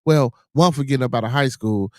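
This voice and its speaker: Animated man hosting a livestream. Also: medium pitch, a little fast, very noisy. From Chicago area. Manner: animated, begs chat for super chats and shouts out supporters. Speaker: livestream podcast host. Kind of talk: casual livestream chat.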